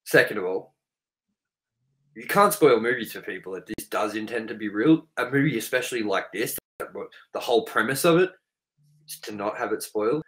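A man's voice: on the low side, lively intonation, normal speed. An Australian man co-hosting a podcast, ranting in a heated, profane casual chat. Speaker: podcast co-host.

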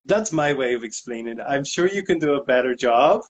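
A man's voice: mid-range voice, brisk, a little hiss or hum. A man in a casual interview, telling a story with lots of fillers and acted-out quotes. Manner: animated anecdote, acts out quotes. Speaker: guest DJ.

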